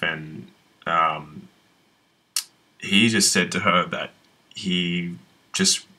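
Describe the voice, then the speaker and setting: A man's voice: sits low, sharp tone, full character voice, poor audio. An actor playing a young man on a date, telling a rambling, profane story about his wrecked room. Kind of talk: conversational web-series acting.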